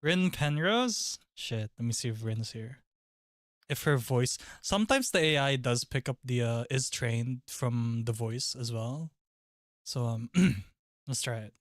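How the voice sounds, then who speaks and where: Excitable, swearing male streamer. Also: mid-range voice, measured pace, no echo, clean studio sound. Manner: excitable and loud, swears, laughs often. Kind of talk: casual live-stream chat.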